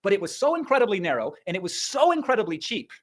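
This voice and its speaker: A middle-aged man from Iowa giving an energetic motivational livestream talk as an online business coach, emphatic and punchy, dropping profanity and sound effects. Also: high voice, fast talker. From Iowa, USA.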